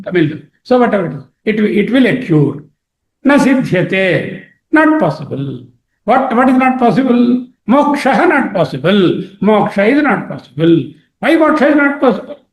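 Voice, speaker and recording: Animated teacher, lively high voice. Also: male voice, echoey room. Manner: repeats and drills each word, asks himself questions and answers them. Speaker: teacher of scripture. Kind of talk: explaining a Sanskrit text to a study circle.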